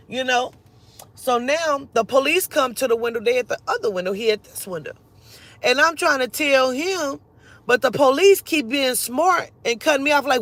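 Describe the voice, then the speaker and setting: A woman telling a personal story in a casual, animated and profane way, acting out the other people's lines as she goes. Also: sits high, normal speed, no room sound.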